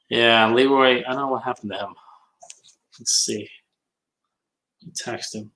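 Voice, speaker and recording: A man's voice: medium pitch, steady tone, slow pace, long pauses, bright, forceful tone, low-quality recording. A man on a casual livestream hangout, chatting and reading comments while he works, often muttering to himself.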